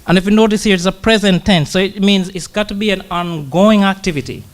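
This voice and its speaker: A man giving a conversational sermon who pauses often, repeats words and slows down to read scripture. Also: high voice. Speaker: church brother preaching.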